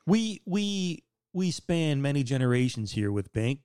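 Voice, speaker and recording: A man's voice: fairly high pitch, a little slow, smooth, no room sound, studio quality. A man hosting a casual podcast, bantering and joking with his co-hosts and laughing often. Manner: jokey, animated banter with frequent laughs. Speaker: podcast host. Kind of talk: casual chat.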